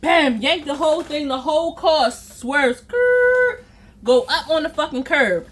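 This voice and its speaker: A woman vlogger telling a personal story in an animated, emphatic and profane way, acting out scenes with sound effects. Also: high voice, moderate pace.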